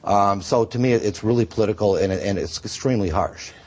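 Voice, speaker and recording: Man, low and a bit husky, studio guest, emphatic and earnest. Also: brisk, a little mellow. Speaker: state senator, guest. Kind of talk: TV news interview.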